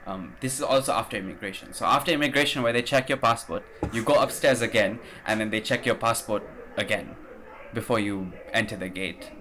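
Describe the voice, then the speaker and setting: A man's voice: fairly low pitch, a little fast, noisy background. A man hosting a podcast, telling a travel story in a rambling, casual way, swearing and using lots of fillers. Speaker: podcast host.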